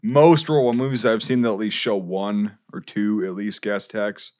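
Man explaining details, halting and thorough. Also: fairly low pitch, fairly even intonation, darkish tone. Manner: detailed explaining, hesitant with many "um" and "like". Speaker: podcast co-host with military history knowledge. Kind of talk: casual podcast chat.

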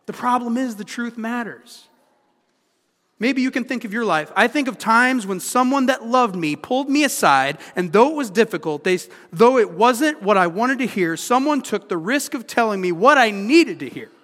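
A man's voice: sits high, fairly bright tone. A man in his thirties preaching a sermon as pastor, conversational and full of rhetorical questions. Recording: long hall reverb.

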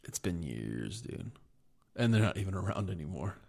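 Profane low-voiced man telling stories. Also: big pitch swings, normal speed, vocal fry, a little mellow. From United States. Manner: profane, rambling storytelling. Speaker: podcast co-host. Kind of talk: casual chat.

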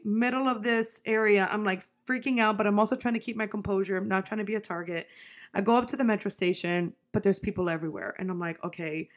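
A young adult woman talks straight to her viewers in a casual storytime. She is animated and blunt, swears freely and leans on fillers as she tells the story. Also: a little high. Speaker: vlogger.

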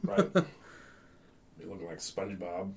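A man's voice: sits low, very animated, takes it slowly, creaky, a little mellow, breathy edge. A man in casual banter, trading dry jokes. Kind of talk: casual chat.

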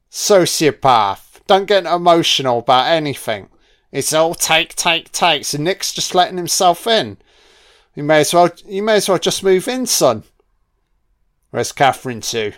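A man's voice: on the high side, fairly bright tone. A man giving a casual, jokey film commentary, swearing constantly. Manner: profane, jokey, heavy swearing.

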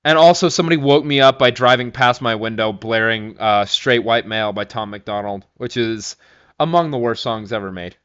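Brief: tipsy man, mid-pitched, profane teasing banter, muffled lo-fi recording. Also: normal speed, fairly bright tone, smooth. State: tipsy from tequila. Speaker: podcast co-host. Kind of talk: casual chat.

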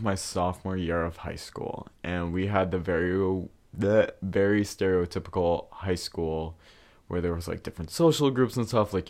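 Low-voiced young man, casual storyteller. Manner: candid and profane, with frequent fillers. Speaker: podcast host.

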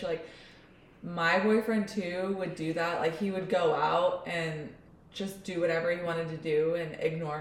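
A woman's voice: on the low side, distant mic. A young woman co-hosting a podcast, chatting casually and joking along. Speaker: podcast co-host. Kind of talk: casual chat. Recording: roomy echo, faint noise.

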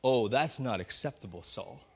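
A man's voice: medium pitch, animated, normal speed, creaky, breathy edge, pitched below the performer's own voice. A man preaching, voicing a group of angry male townsmen who grumble and plot.

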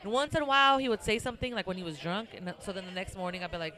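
A woman's voice: mid-range voice, expressive, rapid-fire, bright, forceful tone. A woman hosting a podcast in casual chat, telling stories animatedly, acting out both sides and swearing freely. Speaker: podcast host.

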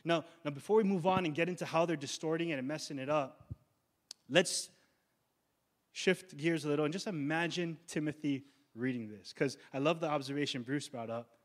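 A man's voice: fairly high pitch, normal speed. A young man preaching a sermon as pastor, in a casual slangy way that builds to emphatic declarations.

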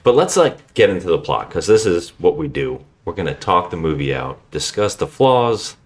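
Deep-voiced, lively male podcast host. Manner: jokey, quick banter. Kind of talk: casual chat.

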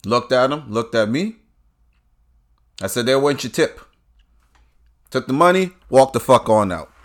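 A man delivering a profane political rant to his audience. His tone swings between loud bursts and low, drawn-out asides. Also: animated.

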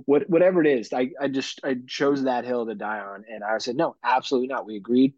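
Podcast dad, husky, swears freely, dull lo-fi sound. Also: male voice, mid-range voice, a little fast, no echo. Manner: profane, animated storytelling with mock-dramatic quotes. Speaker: podcast host. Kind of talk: casual storytelling chat.

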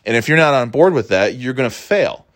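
A man's voice: mid-range voice, expressive, fairly quick, fairly bright tone. A man hosting a podcast, telling stories in a rambling, profane, self-mocking way. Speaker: podcast host. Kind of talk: casual monologue.

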